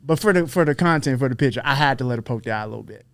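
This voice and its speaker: A man telling a story in casual podcast chat, profane and animated, acting out the people he quotes. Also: medium pitch, rapid-fire, no room sound. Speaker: podcast guest, fighter.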